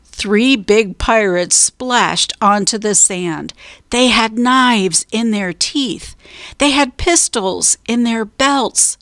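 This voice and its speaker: A woman storyteller reading a children's book aloud, slow, clear and deliberate. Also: a little high, fairly bright tone, dry recording, clean studio sound.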